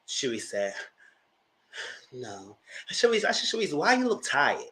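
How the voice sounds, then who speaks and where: A man's voice: high voice, huge pitch swings, a little fast, sharp tone. A man giving a casual, sassy live review of reality TV, slangy and acting out the cast's lines as he goes. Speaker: TV reality show commentator.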